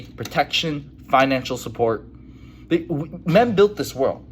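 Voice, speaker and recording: A man's voice: fairly high pitch, slight background noise, low-quality recording. A man in a casual monologue to camera, blunt and emphatic, with lots of "you know". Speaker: vlogger.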